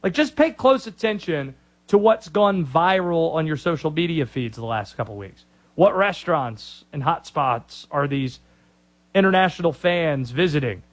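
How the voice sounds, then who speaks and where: A man's voice: a little high, lively intonation, normal speed. A man hosting a sports talk radio show, opinionated and joking.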